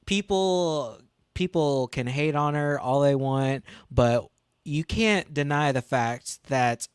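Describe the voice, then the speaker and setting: A man's voice: a little high, takes it slowly, clear, resonant tone, no echo, studio quality. A man co-hosting a casual podcast, giving passionate, emphatic fan opinions. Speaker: podcast co-host.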